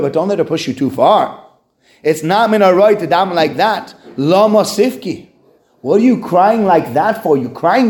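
A man doing a gently chiding husband. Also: high-pitched. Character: husband gently scolding, reassuring. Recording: roomy echo.

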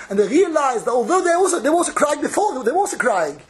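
A man's voice: very high-pitched, sing-song, quick pace. A man giving a Hasidic Torah sermon, chanting verses in a sing-song and repeating his phrases. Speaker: rabbi giving a Torah talk.

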